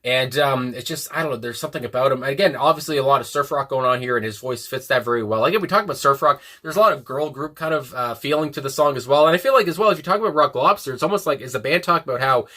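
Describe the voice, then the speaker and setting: A man's voice: mid-range voice, quick pace, hardly any pauses, pushed and bright. A man casually reviewing a song, rambling and enthusiastic, with many fillers and restarts. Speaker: music reviewer.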